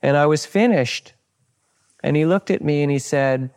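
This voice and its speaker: Sharing personal stories during a dharma talk, a man teaching meditation speaks calmly and slowly, guiding listeners gently. He has a somewhat high voice.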